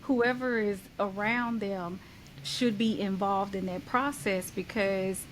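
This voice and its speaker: A woman hosting an interview, asking questions calmly and affirming her guest. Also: medium pitch, takes it slowly, a little hiss or hum, rough recording. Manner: calm, affirming listener with soft "mm-hmm"s. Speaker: podcast host. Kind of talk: conversational interview.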